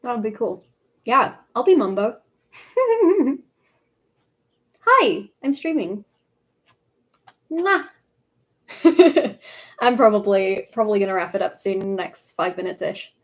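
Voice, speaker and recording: A woman's voice: medium pitch, lively intonation, unhurried, pauses often. A young woman streaming live in casual chat, playful and laughing often.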